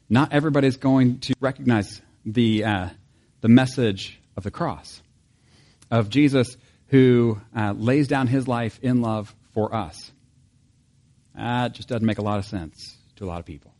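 A man's voice: mid-range voice, measured pace, a little mellow. A male pastor giving a conversational sermon, acting out quoted voices and chuckling often.

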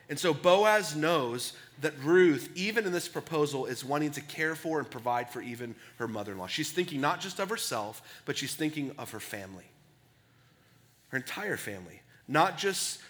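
A man preaching a sermon as a pastor. He is earnest, keeps checking in with "right?", and swings between hushed and loud, excited stretches. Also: fairly high pitch. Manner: earnest, asks "right?" often.

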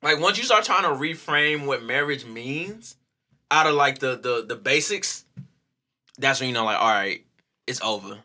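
A man co-hosting a casual chat, animated and profane, laughing often and acting out quotes. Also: medium pitch, moderate pace.

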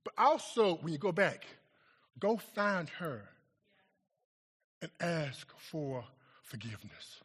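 Booming preacher in an echoing hall. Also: male voice, sing-song, slow, pauses often, husky. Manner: swings from booming shouts to hushed near-whispers. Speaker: pastor. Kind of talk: sermon with storytelling.

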